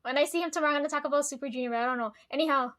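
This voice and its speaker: Brief: woman with a high voice, casual vlogger, rambly and foul-mouthed, laughs a lot. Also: rapid-fire, a bit bright. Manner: rambling, swears freely, laughs often. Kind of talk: casual chat to camera.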